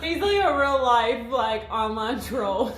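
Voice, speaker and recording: Slightly high woman, giggly and kinda nervous, chatting in an echoey room. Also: expressive, slow pace. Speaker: co-host playing a party game. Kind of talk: casual chat. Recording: roomy room with faint noise.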